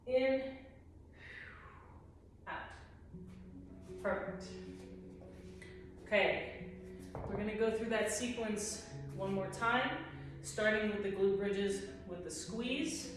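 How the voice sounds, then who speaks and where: A woman fitness instructor calmly guiding a workout, counting reps and cueing breaths. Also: mid-range voice. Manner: calm counting, cues breathing. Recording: roomy echo, distant mic, music behind.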